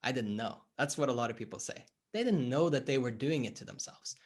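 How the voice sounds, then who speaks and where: Animated, expressive male life coach. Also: medium pitch, quick pace. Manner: animated, acts out dialogue in stories. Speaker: life coach, interview guest. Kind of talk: conversational explanation.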